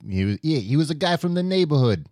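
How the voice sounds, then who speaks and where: A man's voice: on the high side, sing-song, quick pace, darkish tone, dry recording, studio quality. A man from Long Island co-hosting a comedy podcast, teasing his partner and laughing often. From Long Island, New York. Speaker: podcast co-host. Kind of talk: casual comedy banter.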